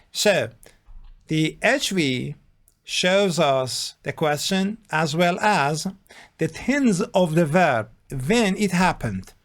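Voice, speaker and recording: A teacher explaining grammar point by point in a deliberate, spelled-out way. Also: mid-range voice. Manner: slow, deliberate, spells out letters and abbreviations. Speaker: English teacher. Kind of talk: grammar lesson explaining a text.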